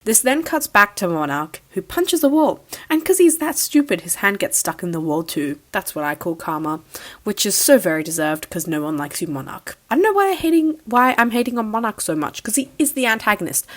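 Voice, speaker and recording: A young woman giving a casual, sarcastic recap review of a cartoon finale, mocking the plot as she goes. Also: medium pitch. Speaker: show reviewer.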